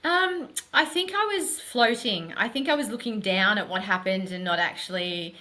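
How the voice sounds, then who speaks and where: A middle-aged woman, a podcast guest, telling her story in a candid, animated and emphatic way. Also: mid-range voice, normal speed. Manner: animated, emphatic, runs thoughts together.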